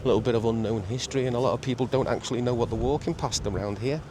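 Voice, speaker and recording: A middle-aged man, chatting casually in a walking vlog on a seaside promenade, halting with many repeats and fillers. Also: medium pitch. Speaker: vlogger. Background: faint outdoor ambience with traffic and seagulls.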